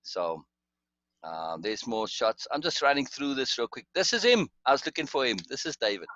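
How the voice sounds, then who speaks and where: A man's voice: medium pitch, big pitch swings, moderate pace, sharp tone, no echo, lo-fi sound. A man telling stories in casual chat, rambling, restarting often and chuckling. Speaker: storyteller.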